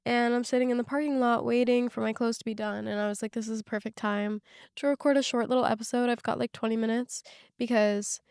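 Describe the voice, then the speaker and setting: A young woman of about twenty chats away with a bit of a sick, under-the-weather sound, her voice pitched a little high. Her tone stays smooth and clean, rambling along with plenty of fillers. The recording is dry and close, from inside a parked car. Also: fairly even intonation, fast, a little mellow, dry recording. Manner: chatty and rambling, lots of fillers. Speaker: podcast host. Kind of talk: casual chat. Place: parked car in a parking lot.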